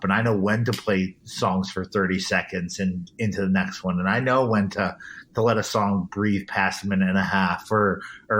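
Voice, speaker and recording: A man with a fairly low voice, talking as a guest about his DJ work. He speaks earnestly and emphatically, often restarting his sentences as he builds a point. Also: a bit bright, a little hiss or hum. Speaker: guest, event DJ. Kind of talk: casual interview.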